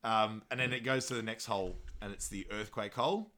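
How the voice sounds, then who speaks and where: A man co-hosting a podcast, casually recapping a film, laughing often and loudly acting out quotes. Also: on the low side, steady tone, a little fast. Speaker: podcast co-host.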